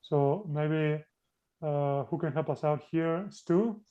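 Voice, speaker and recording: Male teacher, mellow warm voice, slightly high, patient, online class. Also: slow, dull audio. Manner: patient, coaxing, switches between two languages. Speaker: Spanish teacher. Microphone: video call.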